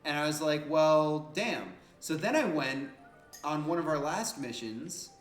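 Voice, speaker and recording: Fields: animated man streaming a game. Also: fairly high pitch, moderate pace, reverberant, soft background music. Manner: animated, joking, slangy and profane. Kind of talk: casual gameplay commentary.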